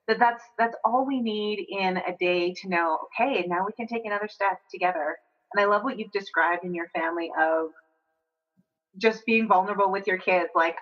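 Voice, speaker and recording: A woman's voice: mid-range voice, a little fast, lo-fi sound. A woman hosting a podcast, chatting in an affirming way with her guest. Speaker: podcast host. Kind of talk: casual interview chat.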